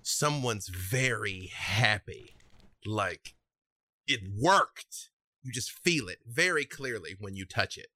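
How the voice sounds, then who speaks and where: A man narrating a tabletop game as game master, calmly describing scenes and calling for checks. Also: fairly low pitch, unhurried, few pauses, no room sound. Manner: calm, descriptive, with rulings.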